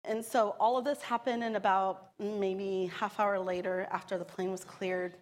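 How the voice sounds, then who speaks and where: A woman's voice: medium pitch, moderate pace, long reverb tail. An emotional woman telling a true story. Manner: animated, acts out the people she quotes; emotional, earnest. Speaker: storyteller sharing a personal testimony. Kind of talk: personal storytelling.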